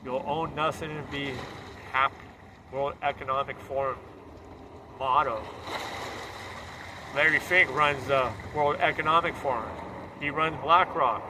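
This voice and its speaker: A man's voice: medium pitch, fairly even intonation, measured pace, pauses often, background noise. A man delivering a fervent, preachy political monologue.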